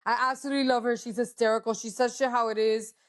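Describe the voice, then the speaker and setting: A woman's voice: on the high side, flat delivery, fast talker. A woman co-hosting a podcast, chatting casually and gossiping with lots of profanity, slipping Spanish words into her English. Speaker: podcast co-host. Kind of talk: casual chat.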